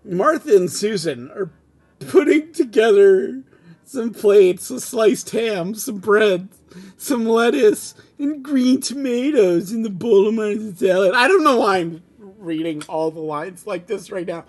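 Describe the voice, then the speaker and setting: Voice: medium pitch, animated, a little slow, a little mellow. A host reading a fan script aloud for comedy and breaking off into exasperated, laughing rants about it.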